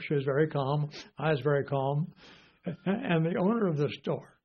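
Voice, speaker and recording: A man's voice: fairly high pitch, moderate pace. An older man teaching the Bible in an informal sermon, rambling and folksy with lots of fillers. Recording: dull lo-fi recording.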